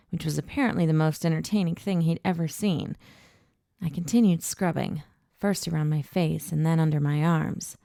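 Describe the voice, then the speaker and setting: A woman narrating a first-person audiobook in an even, intimate storytelling voice, recorded close in a booth. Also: deep voice, gravelly, no room sound.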